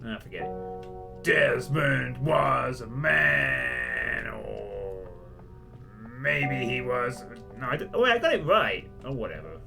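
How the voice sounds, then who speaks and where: A man's voice: medium pitch, big pitch swings, normal speed, creaky, music in the background. A man hosting a casual let's play, cracking jokes, swearing and laughing at himself as he plays. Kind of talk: casual gameplay commentary.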